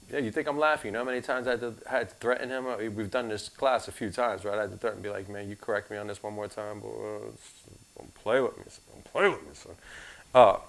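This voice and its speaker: A man's voice: fairly low pitch, fairly bright tone. A man teaching an insurance licensing class live, casual and joking, with asides to his students.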